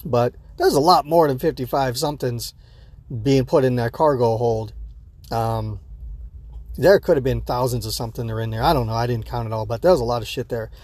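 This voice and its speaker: A man's voice: medium pitch, a little fast, a little mellow, dry recording. A man talking casually and unscripted as a podcast host reacting to an episode, rambling with many fillers and restarts, a bit sleepy early in the day.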